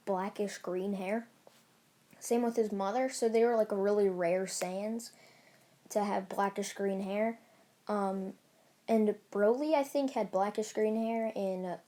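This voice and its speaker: A woman's voice: medium pitch, warm tone. A woman casually retelling a fan story, rambling along with lots of fillers and restarts.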